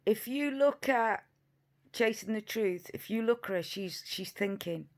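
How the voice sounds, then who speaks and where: A woman's voice: mid-range voice, lively intonation, measured pace. A woman giving reaction commentary on video clips, emphatic and indignant, repeating her points, sometimes sarcastic.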